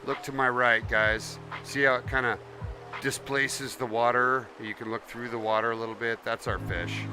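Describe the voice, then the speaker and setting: With music playing behind him, a man streaming a game chats casually, speaks of himself in the third person and is affectionate toward those watching. His pitch is medium, his tone level, and his speed normal.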